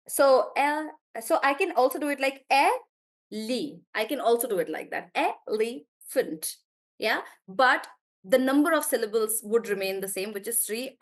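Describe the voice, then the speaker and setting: A woman teaches a live online class in a fairly high voice. She is chatty and encouraging, praising students by name. Her explanations are often broken up by easy laughter. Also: fairly bright tone. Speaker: English teacher.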